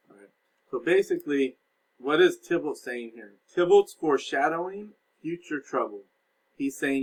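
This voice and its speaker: A man's voice: mid-range voice, unhurried, rough recording. A male teacher casually recapping a play for his students, reading passages aloud and explaining them in plain words. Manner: casual explaining with fillers, reads aloud and paraphrases.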